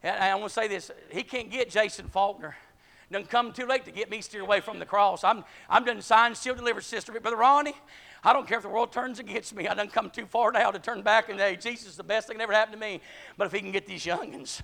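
A man preaching a sermon, swinging from shouted, fervent bursts to quieter storytelling. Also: high-pitched, brisk, creaky. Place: church.

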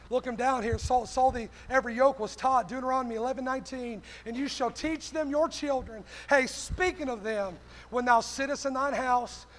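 A male pastor preaching a sermon, punching his lines with a repeated "hey". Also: very high-pitched.

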